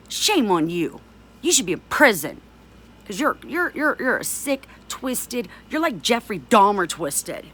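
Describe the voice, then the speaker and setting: A woman's voice: medium pitch, a bit bright, breathy edge. A middle-aged woman speaking out in a vlog, talking in an angry, accusing and emphatic way. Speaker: abuse survivor speaking out. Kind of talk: direct-to-camera vlog rant.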